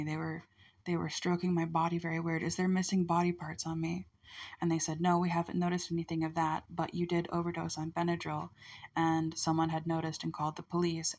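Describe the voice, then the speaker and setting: Husky low woman, half-whispered storytelling. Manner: slow, drifting, often whispered. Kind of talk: rambling first-person storytelling.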